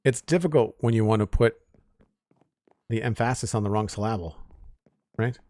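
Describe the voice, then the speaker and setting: Male streamer, lower voice, easygoing chat with viewers, dry booth sound. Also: moderate pace, dry recording. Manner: relaxed, chatty, reads out chat names and thanks followers. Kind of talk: casual live-stream chat.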